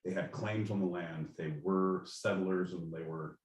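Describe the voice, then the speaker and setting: A man's voice: deep voice, steady tone, measured pace, distant mic. A man co-hosting a podcast, chatting casually and rambling with many restarts. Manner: rambling, self-correcting. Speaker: podcast co-host. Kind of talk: casual chat. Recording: roomy sound from off mic.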